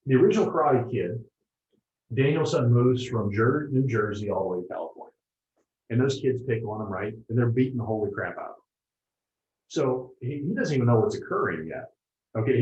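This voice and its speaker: A man giving a motivational seminar talk to a live group, animated and often checking in with the audience. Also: medium pitch, a little hiss or hum. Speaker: motivational speaker. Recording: roomy, dull lo-fi room recording.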